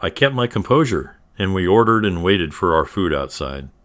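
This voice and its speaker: Low-voiced man reading a story. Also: expressive, moderate pace, fairly bright tone. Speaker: story narrator. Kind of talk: scripted first-person narration.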